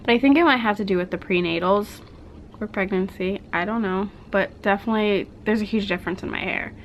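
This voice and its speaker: A woman's voice: mid-range voice, a little fast, low-quality recording. A young woman chatting casually in a home vlog, rambling with lots of "like", a little out of breath. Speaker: vlogger. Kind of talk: casual pregnancy update vlog. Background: washing machine hum.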